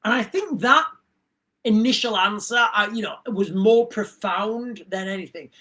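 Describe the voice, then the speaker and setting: A man's voice: high voice, unhurried, bright, forceful tone. A man hosting a live stream, ranting casually in a rambling way, repeating himself and cutting off his own sentences. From England. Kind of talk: casual livestream rant.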